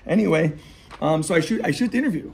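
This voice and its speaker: Fast-talking gravelly man telling stories. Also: a little high, animated. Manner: rapid, profane, rambling anecdotes with many asides. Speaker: skateboarder and skate shop owner. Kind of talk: casual storytelling. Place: indoors in a skate shop.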